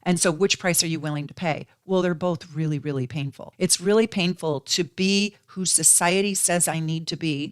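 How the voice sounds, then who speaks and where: A woman in her sixties talks through an astrology lesson in an earnest, conversational way, often checking in with the listener through rhetorical questions. Her voice sits fairly low and sounds smooth and resonant. The recording is close and dry. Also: no room sound. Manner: earnest, uses rhetorical questions and tag "right?". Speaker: astrology channel host. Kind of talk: conversational teaching talk.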